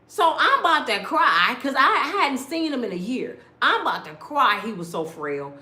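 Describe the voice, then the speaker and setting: Animated, blunt middle-aged woman telling stories. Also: high-pitched, moderate pace, hardly any pauses, roomy sound. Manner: blunt, animated, acts out voices of others. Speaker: storyteller. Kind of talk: casual storytelling rant.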